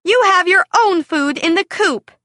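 A woman's voice: very high-pitched, measured pace, sharp tone, no room sound, voice pushed up, heavily acted. A woman voicing a bossy, worried farm girl who scolds and pleads in a dry, close storybook reading. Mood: scolding.

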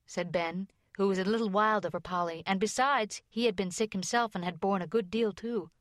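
A woman reading a children's storybook aloud in even, gentle scripted narration. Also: medium pitch, fairly quick, few pauses, no echo, clean studio sound. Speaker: audiobook narrator.

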